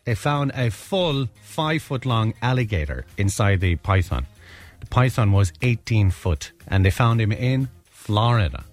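A man's voice: lowish voice, sing-song, a little slow, faint music behind. A man, hosting a casual radio chat and reading out listener messages. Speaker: radio host.

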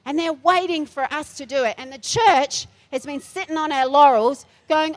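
A woman's voice: high-pitched, normal speed, few pauses. A middle-aged woman pastor delivering a feisty, emphatic sermon in a church, repeating her phrases for force.

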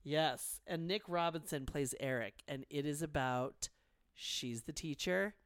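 A woman's voice: sits low, a little slow, smooth, no echo. A woman co-hosting a talk show, chatting casually and animatedly, swearing freely as she tells stories. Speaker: podcast co-host. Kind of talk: casual chat.

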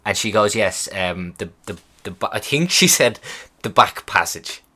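A young man casually retelling a hospital visit, swearing and rambling, animated in the telling. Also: on the low side, moderate pace. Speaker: vlogger. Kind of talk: casual storytelling chat.

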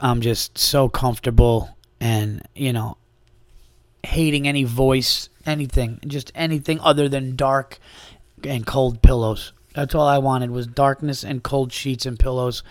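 A man hosting his own podcast, talking casually and a little hoarse from a sore throat, telling a rambling, profane story with lots of restarts. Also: medium pitch, steady tone, measured pace, dry recording. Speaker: podcast host and comedian.

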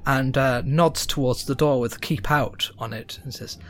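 A man's voice: medium pitch, fairly even intonation, moderate pace. A man narrating as game master of a tabletop game, casual and full of fillers.

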